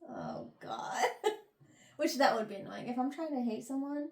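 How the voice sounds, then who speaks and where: A woman's voice: sits high, animated, moderate pace, darkish tone. A young woman hosting a casual book review chat, giggling and acting out the characters' lines. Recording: echoey room.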